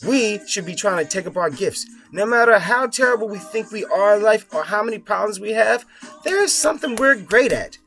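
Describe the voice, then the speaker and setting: A man's voice: high voice, animated, a little fast. A young man giving a blunt, profane, rambling motivational talk as the host of his own videos. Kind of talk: casual motivational monologue. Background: soft music playing.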